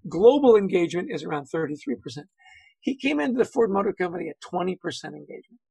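A man's voice: high-pitched, very animated, fast, gravelly, warm tone, breathy edge, dry recording, low-quality recording. A man speaking as a guest on a video-call webinar, telling anecdotes, acting out quotes and saying "you know" often. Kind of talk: conversational webinar talk.

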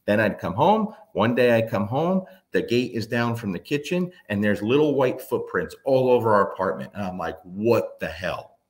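A dog trainer with a lowish voice tells casual stories about raising and training his dogs. He's blunt and curses now and then, animatedly slipping into quick impressions of the dogs and friends in his tales.

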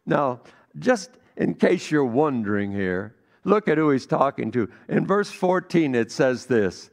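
Gravelly-voiced pastor preaching a sermon. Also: male voice, medium pitch, big pitch swings, a little slow. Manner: storytelling, swings from hushed to emphatic.

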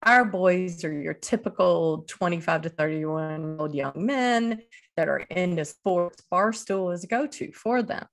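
A woman in her fifties from Eastern North Carolina, a guest telling stories in a casual, animated way and jumping up in pitch for the voices she quotes. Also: measured pace, soft background music. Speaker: author and guest. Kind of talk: casual storytelling.

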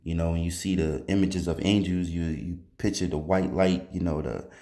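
A man's voice: low voice, normal speed, mellow. A man casually recounting a vivid dream as a religious testimony, rambling with many fillers and restarts. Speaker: testifying believer.

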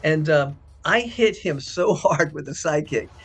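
A middle-aged man, an actor, telling lively behind-the-scenes stories and acting out quotes. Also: measured pace, breathy edge. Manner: acts out quoted dialogue with big pitch jumps. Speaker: actor interviewed about a past film. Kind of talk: animated anecdotal storytelling.

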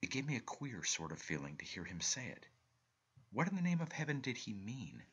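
A man reading a short story aloud, telling it in a measured, expressive first-person narration. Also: medium pitch, slightly rough. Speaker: reader.

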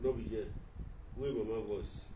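A man's voice: on the low side, steady tone, measured pace, warm tone. A man with a Nigerian Pidgin accent in a heated live-stream rant, accusing and repeating himself while talking straight at someone. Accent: Nigerian Pidgin English. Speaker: vlogger addressing a rival on a live video. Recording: echoey room, mic at a distance.

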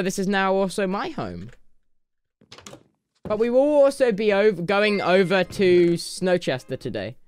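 A man streaming gameplay in casual chat, excitable and prone to sudden high shrieks and shouts. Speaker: game streamer.

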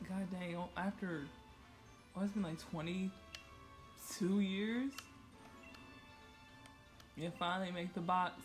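A woman's voice: mid-range voice, measured pace, long pauses, soft background music. A woman hosting a gaming channel, giving chatty, joking let's-play commentary and reacting aloud to the game.

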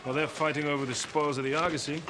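Actor playing a cool-headed gang planner, clear background noise. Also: male voice, on the high side, little pitch movement, very fast, lightly acted. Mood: measured.

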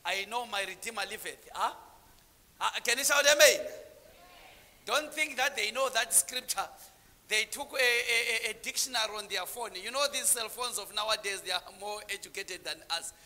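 A man preaching a sermon, calling on the congregation to answer back, dropping to low murmurs and then rising into shouted lines. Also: normal speed, long reverb tail.

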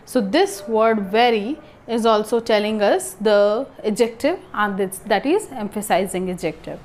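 A woman teaching grammar and asking the class questions, then answering them herself. She talks haltingly, with restarts and fillers. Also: mid-range voice. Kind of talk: classroom lesson.

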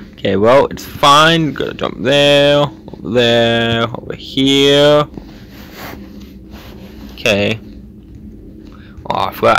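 A man hosting a gaming channel, chatting casually to himself and his viewers as he plays, with quick little laughs. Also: fairly low pitch, gravelly, fairly bright tone, a little hiss or hum. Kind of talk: casual gameplay commentary.

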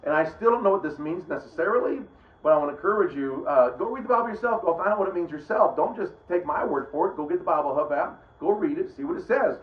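This middle-aged man's voice is a little high and animated, moving at a quick pace as he teaches from the Bible. He's a preacher whose casual, rambling talk frequently stops and restarts mid-sentence. The audio has a roomy, dull, lo-fi quality.

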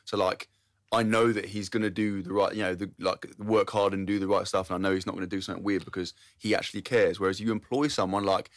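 A man's voice: low voice, level tone, fast talker, no room sound, clean studio sound. A man, a podcast guest, chatting casually and rambling with lots of agreeing and filler words.

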